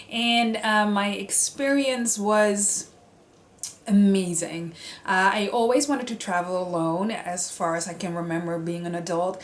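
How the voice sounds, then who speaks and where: A young woman vlogger telling a personal story in a chatty, animated way, with many fillers. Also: mid-range voice, a little hiss or hum. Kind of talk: casual storytelling. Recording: roomy echo.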